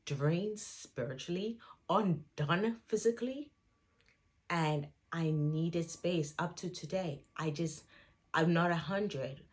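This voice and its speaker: Low, slow-spoken woman giving earnest affirmations. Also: a little mellow. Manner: earnest, reassuring, repeats affirmations. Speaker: trainee psychotherapist. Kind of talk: motivational self-help talk to viewers.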